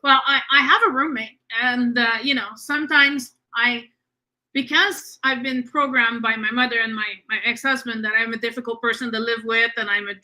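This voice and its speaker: High, bright-voiced woman host. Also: steady tone, moderate pace. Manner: earnest and reassuring, with frequent fillers. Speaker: podcast host. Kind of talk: casual spiritual conversation.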